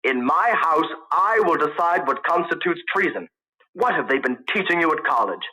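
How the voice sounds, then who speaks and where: A stern father with a short fuse, as a storyteller puts him on, speaking in clipped, controlled lines. His voice is firm and bright, rising and dropping with barely held anger. A storybook patriarch who will not be crossed. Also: fairly high pitch, lively intonation, normal speed, rough recording. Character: stern middle-aged father with a hot temper.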